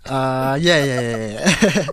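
A young South African man, a business owner being interviewed on radio, relaxed and casual, laughing easily. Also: mid-range voice, slow, clear, resonant tone. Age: young adult. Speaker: guest entrepreneur. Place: radio studio.

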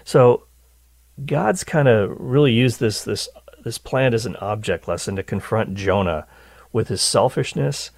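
A man hosting a radio Bible teaching show, talking in an animated way and often repeating words as he starts a thought. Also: lowish voice, measured pace, creaky, no echo. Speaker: radio host.

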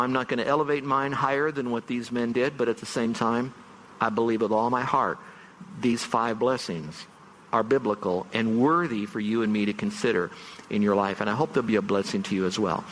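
A man's voice: medium pitch, fairly bright tone, big-room sound, slight background noise. A man preaching a farewell sermon as pastor, earnest and emphatic, stretching out key words for stress. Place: church sanctuary.

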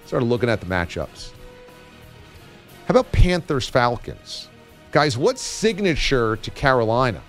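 Animated, playful male radio host. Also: medium pitch, a little slow, faint music behind. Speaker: podcast host. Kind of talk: casual radio chat.

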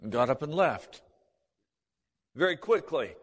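A man's voice: on the high side, big pitch swings, takes it slowly. A man giving a spoken personal testimony, acting out both sides of remembered conversations as he tells the story. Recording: long hall reverb.

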